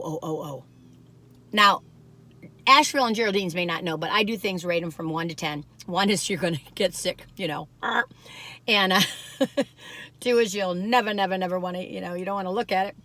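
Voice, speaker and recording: A woman's voice: fairly low pitch, brisk, pushed and bright. A woman reviewing pastries in a casual food vlog, recorded on her phone in a parked car, gushing and laughing often. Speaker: food vlogger.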